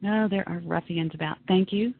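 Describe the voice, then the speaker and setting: A woman's voice: lowish voice, normal speed, vocal fry, slight background noise. A woman hosting a talk radio show, chatting in an emphatic, ranting monologue. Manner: emphatic, ranting, self-dramatizing. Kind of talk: casual monologue on internet radio. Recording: tinny phone-line radio broadcast.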